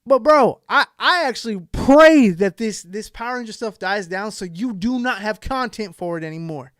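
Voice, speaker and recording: A man's voice: high voice, expressive, moderate pace, dry recording. Fired-up man ranting, dry sound. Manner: heated, exasperated, swings between shouting and muttering. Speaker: commentary channel host. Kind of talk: reaction commentary rant.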